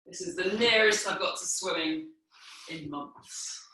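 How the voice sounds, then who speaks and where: Woman movement teacher, calm floor cues, slightly winded; roomy, distant sound. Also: on the low side, a little hiss or hum. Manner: calm, unhurried cueing while moving on the floor. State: a little out of breath from exercising. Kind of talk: guided movement class instruction. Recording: echoey room, mic far off.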